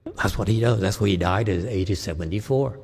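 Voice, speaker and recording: A husky, low-voiced man as a meditation teacher gives an unhurried dharma talk. He laughs often and keeps asking his listeners "okay?" His voice rings with a long reverb, as if in a hall. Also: darkish tone.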